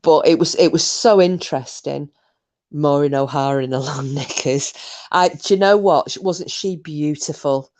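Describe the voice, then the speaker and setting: A woman with a notably low voice chats casually with live viewers at normal speed, rambling from thought to thought with many restarts and fillers. It sounds like a relaxed home livestream on a computer mic.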